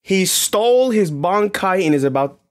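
A man's voice: high-pitched, animated, normal speed. A young man reacting to an anime episode, casual and profane, anxiously exclaiming and pleading. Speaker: reaction video host. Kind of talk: live reaction commentary.

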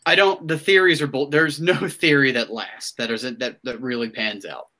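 A man hosting a podcast in casual chat, excitable and rambling, with many restarts. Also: medium pitch, moderate pace. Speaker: podcast host.

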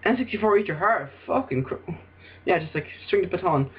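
An Irish man gives rambling, excitable let's play commentary, swearing freely and breaking into sudden outbursts. His pitch leaps and dips constantly. The recording sounds dull and lo-fi. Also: a little fast. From Ireland. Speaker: gaming video host.

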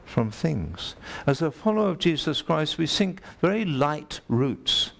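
Man, preacher, gravelly voice, emphatic sermon delivery, repeats key lines, questions the congregation. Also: a little high, very animated, measured pace, fairly bright tone.

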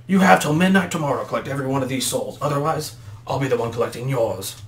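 A man voicing the booming, sly male devil who runs a casino, in a menacing, snickering manner. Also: fast talker, far from the mic, lightly acted. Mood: gloating. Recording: roomy echo, faint background noise.

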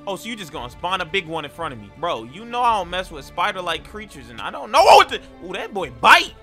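A young man giving slangy, excitable commentary while playing a cave game, reacting out loud to everything on screen. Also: high voice, quick pace, faint music behind. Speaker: gameplay streamer. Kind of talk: Minecraft let's-play commentary.

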